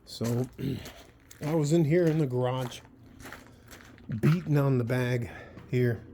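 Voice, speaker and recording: A man's voice: mid-range voice, slow pace, dark tone, slight background noise. A man vlogging in his home garage, talking in a rambling, profane, worked-up way. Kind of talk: casual vlog monologue.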